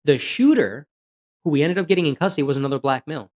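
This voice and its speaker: Cop guest, male, blunt storyteller, casual and animated. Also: fairly high pitch, racing. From USA. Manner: blunt, animated retelling with acted-out quotes. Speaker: police officer guest.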